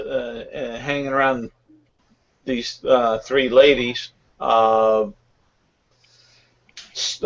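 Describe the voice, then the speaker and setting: Slow, hesitant man playing a tabletop game. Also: mid-range voice, muffled recording. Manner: hesitant, many fillers and stammers. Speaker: player.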